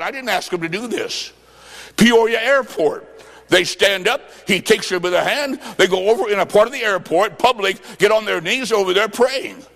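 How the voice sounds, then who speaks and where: High-voiced gravelly preacher in a big hall. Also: male voice. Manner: folksy storytelling with quoted dialogue and bursts of shouting. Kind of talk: sermon.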